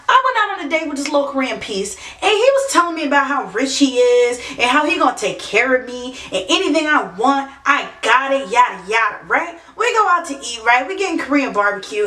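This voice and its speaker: A woman vlogger telling funny dating stories in a sassy, animated way, with many asides. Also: sits high. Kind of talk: comedic storytelling to camera. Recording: echoey room, mic at a distance.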